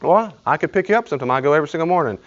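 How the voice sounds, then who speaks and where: A man's voice: fairly high pitch, expressive, rapid-fire, lo-fi sound, pitched above the performer's own voice, lightly acted. A man doing a pushy, helpful friend. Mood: coaxing. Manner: upbeat, pushy with advice.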